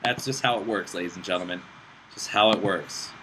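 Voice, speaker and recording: A young man hosting casual gameplay commentary, excitable and self-mocking, swearing often while playing on a laptop with friends nearby. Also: deep voice, brisk, rough recording. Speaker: gaming channel host. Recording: steady background noise with mouse clicks.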